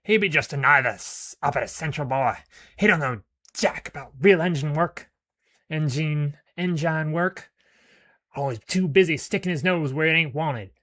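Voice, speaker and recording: Man doing a rasping, sneering pirate boss. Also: a little high, normal speed, fairly bright tone, voice pushed up, close to an everyday voice. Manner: drawling, thick uncouth accent. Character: skeletal male pirate boss, sneering and uncouth.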